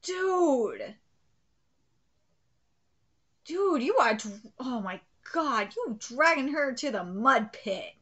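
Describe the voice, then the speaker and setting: A woman hosting a live reaction, reading a comic aloud and swearing and shrieking with excitement. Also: sits high, takes it slowly, slightly rough, muffled recording. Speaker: host.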